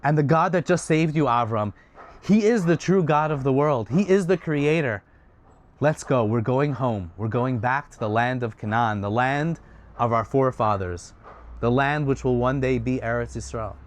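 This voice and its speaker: A man's voice: mid-range voice, normal speed, close to an everyday voice. A man voicing an anxious older father pleading with a king. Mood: solemn. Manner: pleading, then solemn.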